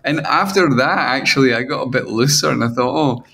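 A man's voice: mid-range voice, gravelly, sharp tone, slightly rough. A middle-aged man, a band frontman and songwriter, talks candidly in a casual interview. He often restarts his sentences and mocks himself by acting out his inner critic. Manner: self-mocking, halting with many restarts, mimics his own inner voices.

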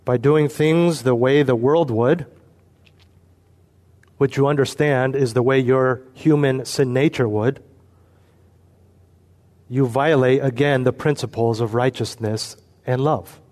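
A man preaching an expository sermon, earnest and emphatic, slowing down to stress key points. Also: medium pitch, steady tone, a little mellow. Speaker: pastor.

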